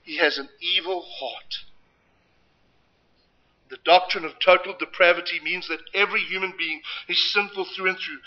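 Male preacher, high and very bright voice, impassioned pulpit delivery, dull lo-fi recording. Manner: impassioned, emphatic preaching with dramatic swings in loudness. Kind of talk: sermon.

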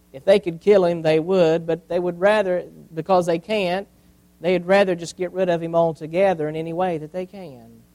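A man preaching a sermon as a pastor, repeating key phrases and dropping from loud emphasis to near quiet. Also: sits high, rough recording.

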